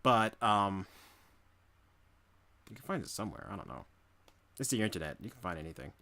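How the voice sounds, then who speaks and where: A man's voice: low voice, big pitch swings, normal speed, creaky, pushed and bright. A young man from New York City chatting casually during a live drawing stream, rambling and humming to himself between remarks.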